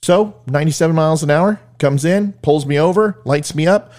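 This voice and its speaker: A man's voice: a little high, a little fast, a little mellow. A man giving blunt, emphatic opinion commentary in a lecturing way.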